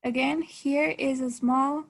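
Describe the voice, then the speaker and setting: A young woman student giving a class presentation, explaining in a halting way with restarts. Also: sits high, steady tone, slight background noise.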